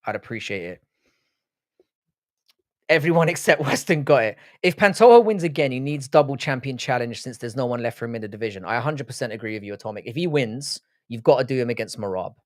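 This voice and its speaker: Speaking quickly at a medium pitch, a man with an English accent, raised in Britain with Irish roots, reads and answers comments on a casual livestream. He's blunt and sweary, and the studio-quality sound has no echo.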